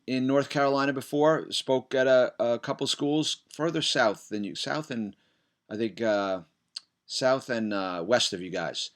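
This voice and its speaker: A man's voice: medium pitch, clean tone. A man, a school motivational speaker, recording a video message to students in a direct, encouraging way. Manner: upbeat, direct, encouraging address to kids; loud, energetic opening greeting.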